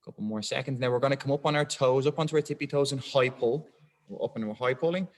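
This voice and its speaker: A man leads a weightlifting class at a middle pitch, talking people through each position. He encourages the group and counts down the holds. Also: quick pace, echoey room. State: out of breath. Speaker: weightlifting coach. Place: gym.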